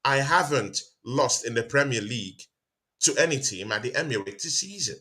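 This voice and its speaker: A man's voice: mid-range voice, animated, moderate pace, bright, forceful tone. A male show host in a heated casual football debate, arguing hard and repeating himself to press his point. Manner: argumentative, keeps repeating "see, Deji".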